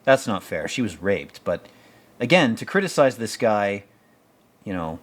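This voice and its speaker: A man's voice: fairly low pitch, big pitch swings, a little slow. A man hosting a podcast, giving blunt, profane, rambling commentary on a TV episode. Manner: blunt, profane, rambling, with mocking quoted voices. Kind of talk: casual opinionated commentary.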